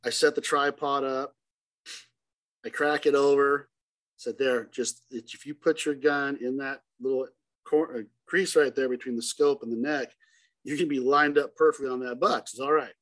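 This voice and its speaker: A middle-aged hunting guide recounts a story in a relaxed interview, voicing each person in it as he goes. His voice sits at an ordinary middle pitch for a man, and he moves between quick asides and drawn-out emphasis. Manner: animated, acts out dialogue in the story.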